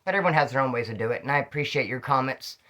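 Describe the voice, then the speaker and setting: Fast, bright-voiced slangy man storyteller. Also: medium pitch. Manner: rambling, slangy, animated storyteller. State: tipsy. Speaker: vlogger telling prison stories. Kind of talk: casual storytelling to camera.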